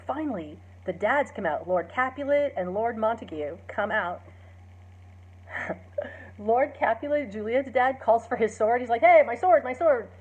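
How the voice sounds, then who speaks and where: Woman, teacher, casual retelling, breathy voice, fillers, muffled lo-fi recording. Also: a little high, lively intonation, measured pace. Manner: chatty, lots of "like" and "um", acts out quoted lines. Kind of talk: casual story summary. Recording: dull lo-fi recording.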